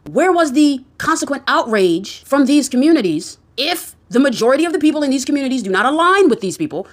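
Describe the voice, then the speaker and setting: A woman's voice: sits high, expressive, fast talker, few pauses. A woman giving ranting social commentary, blunt and heavily profane, firing off heated rhetorical questions.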